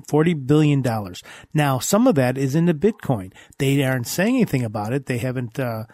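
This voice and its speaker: A man's voice: mid-range voice, animated, a little fast, hardly any pauses, darkish tone, dry recording. A man hosting a casual podcast chat, enthusiastic and repetitive, often restarting his sentences. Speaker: host.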